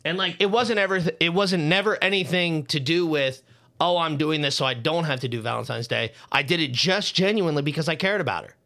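A man's voice: a little high, a little fast, pushed and bright. Fired-up, profane man ranting. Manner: heated, profane ranting storytelling. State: worked up and feeling hot. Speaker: podcast co-host. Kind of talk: casual podcast chat.

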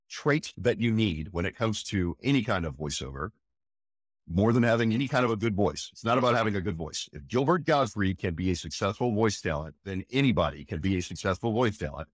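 A man's voice: fairly low pitch, slightly rough, no room sound, studio quality. A man who works as a voice actor, chatting in an interview, enthusiastic and emphatic, often tossing in "again" and "right?". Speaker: voice actor guest. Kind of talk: casual interview chat.

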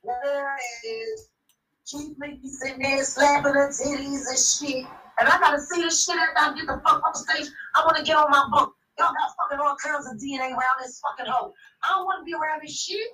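Brief: high, bright woman, blunt and profane podcast guest, slightly off-mic. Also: brisk, distant mic, low-quality recording. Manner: blunt, animated, swears constantly. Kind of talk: profane storytelling.

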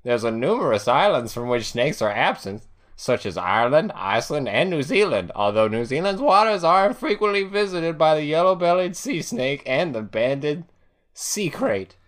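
A man playing a tabletop role-play game, rambling through trivia in a halting, eager way. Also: a little high, lively intonation, a bit bright. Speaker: player.

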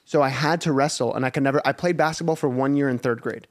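Chatty young man, relaxed storyteller. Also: medium pitch, fast. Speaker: podcast guest. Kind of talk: casual chat.

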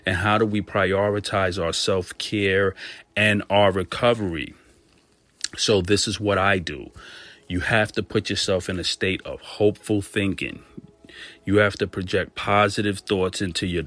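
A man's voice: on the low side, a bit bright, no echo. A man giving an earnest motivational monologue on stress and self-care, speaking straight to his listeners and repeating phrases for emphasis. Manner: earnest, preachy, direct address.

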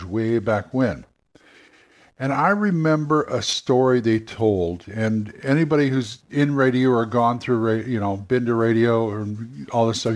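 An older man, a game master and former radio worker, talking casually and rambling, often acting out quick voices. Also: mid-range voice.

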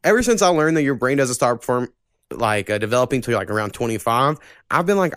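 A man's voice: mid-range voice, very animated, quick pace, a bit bright, clean tone, no room sound. A young man hosting a podcast in loose, profane casual chat, rambling with lots of fillers into a close mic. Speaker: podcast host.

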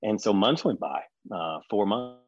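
A middle-aged man telling a story in conversation, animated, acting out the people he quotes. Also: lowish voice, a little slow. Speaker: guest recalling a reality show reunion. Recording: dry, slightly dull sound.

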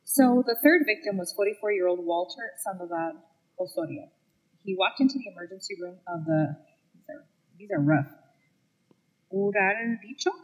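Brief: woman, slightly husky voice, middle pitch, animated podcast co-host recounting crime cases. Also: normal speed, poor audio. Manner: animated, laughs often, trips over names. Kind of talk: casual chat and reading case facts.

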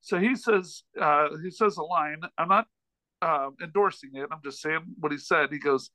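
Brief: male comedian guest, high-pitched, animated storyteller, dry close mic. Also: moderate pace, dry recording, low-quality recording. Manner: rambling, animated anecdote with frequent restarts. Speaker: podcast guest, comedian and author. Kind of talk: casual storytelling in a chat.

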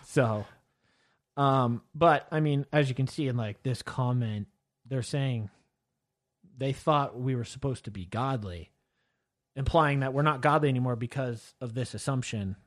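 A man's voice: medium pitch, measured pace. A man co-hosting a casual chat show, rambling a little and reading listener comments aloud. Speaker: podcast co-host.

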